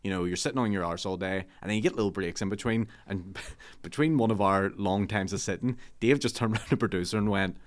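Fast guy, lowish voice, teasing and telling stories on a podcast. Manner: quick, teasing, animated storytelling. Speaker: podcast guest comedian. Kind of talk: casual comedy podcast chat.

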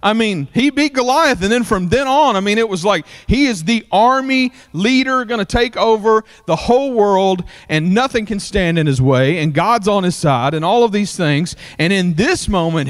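Preacher, high voice, animated storytelling sermon. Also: male voice. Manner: animated storytelling with many fillers. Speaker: pastor.

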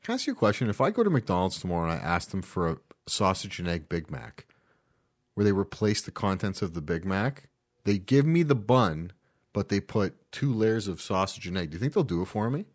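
A man's voice: low voice, big pitch swings, a little fast. A man hosting a casual podcast chat, joking and swearing freely. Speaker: podcast host.

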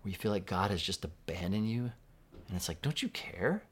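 Guy with a low voice preaching, chatty, asks the crowd questions. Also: brisk, breathy edge. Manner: conversational, asks the listeners questions. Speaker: pastor. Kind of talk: sermon.

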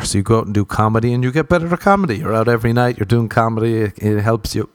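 A man's voice: fairly low pitch, rapid-fire, hardly any pauses, dry recording. An Irish man doing stand-up comedy, ranting and swearing, acting out little voices in his stories. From Ireland. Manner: profane, ranting, acts out voices.

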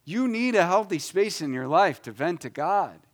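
A man preaching a conversational sermon, acting out short prayers in his own voice and swinging between loud, emphatic lines and quiet asides. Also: sits high, lively intonation, moderate pace. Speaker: pastor.

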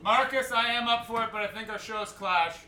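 A man's voice: high-pitched, brisk, bright, forceful tone, reverberant, slight background noise. A man in his twenties from Canada hosting a live comedy podcast, riffing profanely on audience members. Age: 20s. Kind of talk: live stand-up podcast banter.

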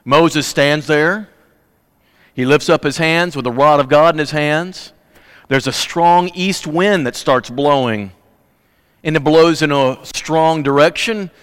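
An emphatic, folksy man preaches in a church, swinging from loud, punchy bursts to low, quiet asides. His voice sits fairly high for a man. A long hall reverb trails after each phrase. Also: slow, clean tone. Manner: folksy, humorous. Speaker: pastor. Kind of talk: sermon.

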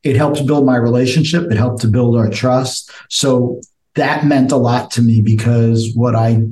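Older guy co-hosting, warm low tone, thinks out loud, roomy echo. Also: steady tone, a little slow, a little hiss or hum. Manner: reflective, many restarts. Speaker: co-host. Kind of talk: casual coaching chat. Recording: echoey room.

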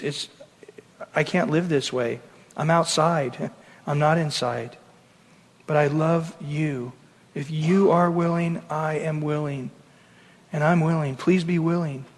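A man, a pastor, preaching earnestly and acting out quotes with animated delivery. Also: high-pitched, long reverb tail. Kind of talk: sermon.

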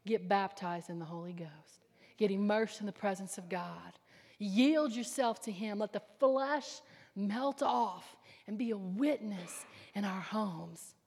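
A woman preaching a sermon with fervor, swinging between loud declarations and hushed whispers. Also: medium pitch, a little slow, breathy edge. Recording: long hall reverb.

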